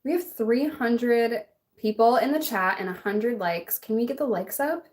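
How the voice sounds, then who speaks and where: A woman's voice: on the high side, measured pace, a little mellow. A young adult woman vlogger chatting casually and bluntly while doing her makeup, laughing often and answering a live chat.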